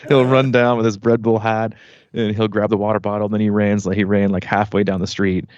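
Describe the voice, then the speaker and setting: A man's voice: fairly low pitch, flat delivery, a little fast, darkish tone, no room sound. A man in his thirties hosting a triathlon podcast, telling a story in a rambling way, full of "like" and "you know". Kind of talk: casual storytelling chat. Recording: slightly muffled, dry sound.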